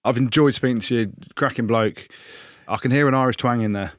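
A man co-hosting a rugby podcast, asking questions in a quick, jokey, bantering way. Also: medium pitch. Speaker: podcast co-host. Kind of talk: casual podcast interview.

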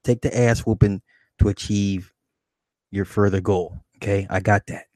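Low-pitched guy hosting a call-in show, swears a lot, laughs, super dry sound. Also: steady tone, moderate pace, a little mellow, no echo. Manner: laid-back, profane, laughs a lot. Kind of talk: casual late-night call-in storytelling.

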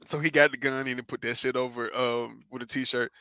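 A man's voice: mid-range voice, brisk, no echo. A man co-hosting a podcast, telling a story in casual chat and acting out the voices of the people in it. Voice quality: animated storyteller, acts out quoted voices. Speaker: podcast co-host.

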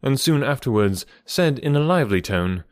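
A man narrating a classic novel as an audiobook in an expressive storytelling manner. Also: mid-range voice, moderate pace, no room sound, studio quality.

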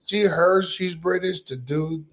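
A man's voice: high-pitched, a little slow, over a noisy crowd. A man co-hosting a podcast, rambling and joking with profanity in casual chat. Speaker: podcast co-host.

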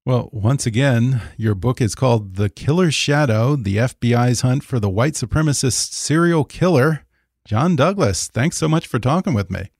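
A man's voice: mid-range voice, moderate pace, creaky, no echo. Male podcast host, dry close sound. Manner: brief, steady prompts and read-out closing. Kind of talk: interview and show outro.

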